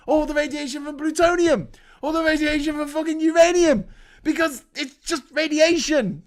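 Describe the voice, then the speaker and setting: A man hosts his own live stream and rants in heated, profane, sarcastic commentary. His voice sits high for a man and swings between loud outbursts and quieter asides. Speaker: livestream host.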